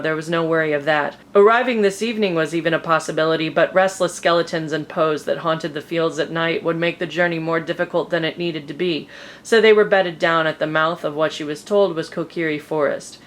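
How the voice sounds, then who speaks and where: A woman's voice: deep voice, brisk. A woman co-hosting a comedy podcast, giggling often and reading fanfiction aloud with dramatic narration.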